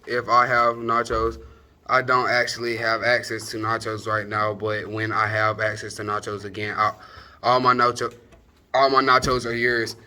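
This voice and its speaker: A man's voice: fairly low pitch, flat delivery, normal speed, sharp tone, clean tone. A young man performing a comedic monologue as a cocky boyfriend stumbling through an apology, correcting himself as he goes. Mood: sheepish. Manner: awkward, self-correcting, boastful. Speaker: student actor.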